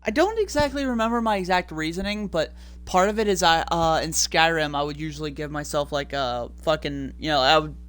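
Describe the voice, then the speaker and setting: A young man streaming a video game live, talking in an excited, rambling way and swearing freely. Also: on the high side, a little fast, clean tone. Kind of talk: live gameplay commentary.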